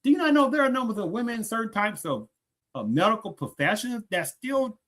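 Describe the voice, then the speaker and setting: Brief: male commentary host, fairly high, forceful tone, rambling, rhetorical. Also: animated, a little fast. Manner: repeats rhetorical questions, restarts sentences often.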